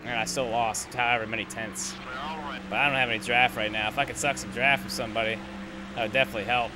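A young man giving profane, running commentary while playing a racing game, shifting between low muttering and yelling rants. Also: fairly even intonation, fast talker, background noise. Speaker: gaming YouTuber.

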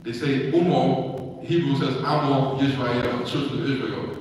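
A man's voice: medium pitch, a little slow, far from the mic. Man lecturing in an echoey hall. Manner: steady word-by-word listing, asks rhetorical questions. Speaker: conference presenter. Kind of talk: lecture presentation. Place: conference hall.

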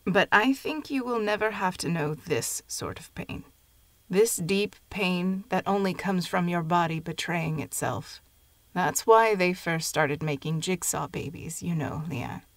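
A woman reading an audiobook story voices a frail, dying old grandmother who speaks in a weak, hoarse, hushed murmur. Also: fairly low pitch, measured pace, no room sound.

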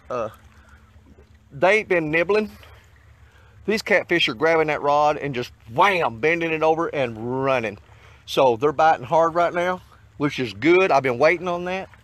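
A man casually talking to the camera while fishing on a riverbank, hot and a little out of breath, folksy and quick to grumble. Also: fairly high pitch. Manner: folksy, excitable, swears mildly at fish. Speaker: fishing vlogger. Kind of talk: casual outdoor vlog. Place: outdoors on a riverbank. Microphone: handheld camera mic.

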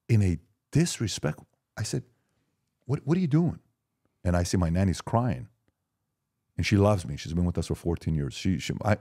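Emphatic man in his forties, mellow voice. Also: low-pitched. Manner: emphatic, lively storytelling. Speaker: podcast guest. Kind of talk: casual conversation.

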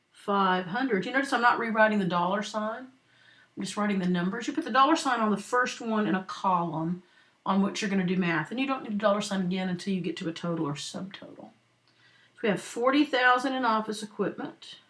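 A female accounting instructor, medium in pitch and fairly bright in tone, records a screen-based walkthrough of a worked exercise. She proceeds slowly and patiently so students can take notes, checking in often with "right?" and "okay?".

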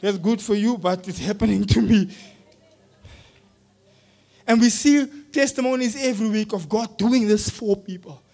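Very high-voiced preacher. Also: male voice, moderate pace, creaky, pauses often. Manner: emotional storytelling, swings from hushed to shouting; casual slangy address. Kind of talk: sermon.

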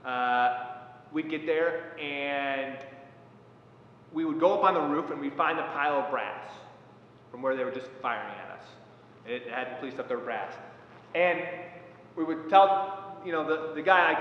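A man who was a Marine platoon commander, speaking in a measured, reflective way with many pauses and fillers. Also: a little high, a little hiss or hum. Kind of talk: reflective talk. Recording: echoey hall, dull lo-fi sound.

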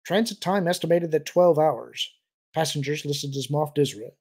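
A man voicing a male intelligence officer delivering a crisp report in a raised voice. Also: on the high side, moderate pace, a little mellow.

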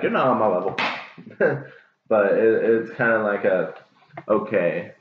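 A man doing a casual tarot reading, chatty, laughing and cussing as he talks. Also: fairly low pitch. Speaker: tarot reader. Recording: lo-fi, phone-like, echoey, faint hiss.

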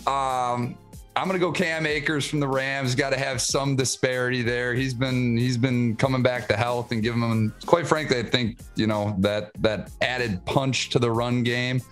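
A man co-hosting a casual sports podcast, teasing and excitable, often laughing. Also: mid-range voice, moderate pace, faint music behind. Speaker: podcast co-host.

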